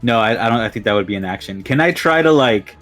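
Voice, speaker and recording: A man's voice: lowish voice, animated, fast, a bit bright, soft background music. Laughing young man playing a tabletop game. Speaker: player. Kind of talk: casual chat while playing.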